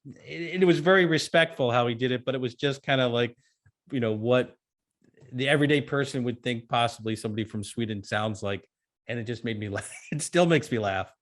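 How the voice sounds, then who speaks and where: A man's voice: mid-range voice, fairly quick. A man who is an author and beekeeper, a guest in a casual interview, easygoing, telling anecdotes and laughing often.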